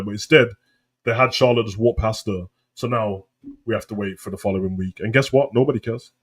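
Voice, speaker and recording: A young British man with London street slang, ranting casually on a live wrestling stream and breaking into loud high outbursts. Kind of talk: live stream reaction chat.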